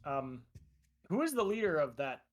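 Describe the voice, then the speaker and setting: A man's voice: fairly high pitch, sing-song, moderate pace. A man voicing a polite young male scavenger who stammers and hesitates as he asks questions.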